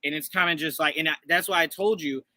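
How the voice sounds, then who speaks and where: A man in his thirties co-hosting a casual show review, talking in an animated way and acting out voices as he tells stories. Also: a little high, fast, dry recording. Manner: animated, acts out quoted voices. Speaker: podcast co-host.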